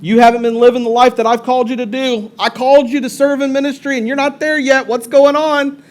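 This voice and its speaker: A pastor putting on the voice of a petty, scolding god who threatens to take everything away, loud and mocking. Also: male voice, very high-pitched, steady tone, a little fast, voice pushed up.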